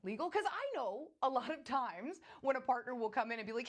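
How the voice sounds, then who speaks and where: A chatty woman hosting a recap vlog, quick with sarcastic jabs. Her voice sits slightly high and leaps around a lot as she talks straight to her audience. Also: big pitch swings. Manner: chatty, sarcastic, addresses viewer directly. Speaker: host. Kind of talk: casual recap commentary.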